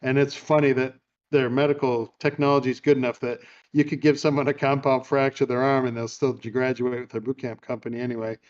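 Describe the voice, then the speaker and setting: A man's voice: medium pitch, little pitch movement, brisk, darkish tone, lo-fi sound. A man hosting a podcast, telling amused stories in a casual chat and retelling a film. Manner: chatty, amused storyteller. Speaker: podcast host.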